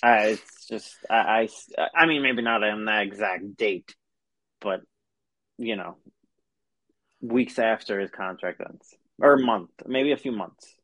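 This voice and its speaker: A man's voice: lowish voice, unhurried, a bit bright, no room sound. A man co-hosting a casual podcast, recorded dry and close with no room sound. He laughs easily and trips into stammered restarts as he talks. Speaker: podcast co-host. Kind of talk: casual wrestling podcast chat.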